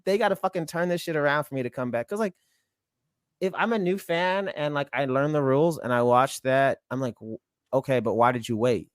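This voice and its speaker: A man rants on a podcast in a profane, exasperated torrent, his fairly high voice swinging up and down with feeling. The sound is dry and close-miked, with no room around it. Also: expressive, a little fast, clean tone, no room sound. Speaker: podcast co-host. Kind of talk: heated ranting podcast talk.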